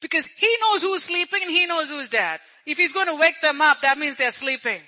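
Male preacher with an unusually high, piercing bright voice, chatty storytelling sermon, repeats lines for emphasis. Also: animated, brisk, rough recording. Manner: storytelling preacher who acts out crowd voices; conversational, repeats phrases for emphasis.

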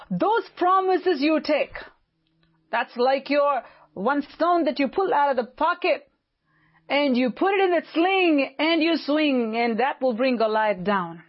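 A woman pastor delivering an impassioned sermon, swinging between loud fervent lines and hushed low ones. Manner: impassioned preaching with sudden loud and quiet swings. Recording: dull lo-fi audio.

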